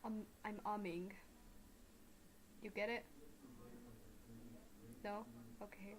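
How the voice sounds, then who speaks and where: A woman's voice: medium pitch, little pitch movement, takes it slowly, background noise. A young woman streaming a game live, rambling and chatty, self-mocking, with lots of fillers.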